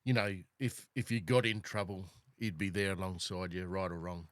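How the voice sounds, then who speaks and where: A man's voice: sits low, steady tone, moderate pace, a bit bright, dry recording, studio quality. A man hosting a podcast in casual chat, blunt and joking, swearing freely. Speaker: podcast host.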